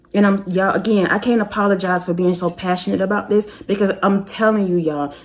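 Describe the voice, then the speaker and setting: A woman's voice: medium pitch, a little mellow. A woman speaking passionately to her viewers, repeating her points and urging them directly. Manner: fervent and repetitive, urging listeners directly. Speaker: spiritual reader. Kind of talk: passionate motivational address to viewers.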